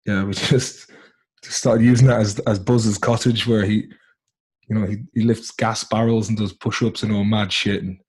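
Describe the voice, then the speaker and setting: A man's voice: fairly low pitch, a little mellow, slightly rough. A man from Merseyside with a mixed Irish and English accent, a guest telling rambling stories in casual podcast chat and laughing often. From Merseyside, England. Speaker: actor and guest.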